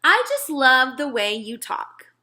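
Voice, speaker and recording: A woman's voice: sits high, very animated, takes it slowly, sharp tone, voice pushed up, exaggerated voice. A woman voicing a small, polite young girl in an earnest, lilting storybook read-aloud.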